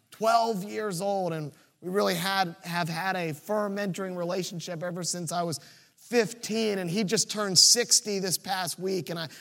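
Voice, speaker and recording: A young man from Virginia Beach preaching a sermon, telling a story and acting out the shouted lines. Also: sits high, creaky. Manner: storytelling, acts out shouted quotes. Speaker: pastor.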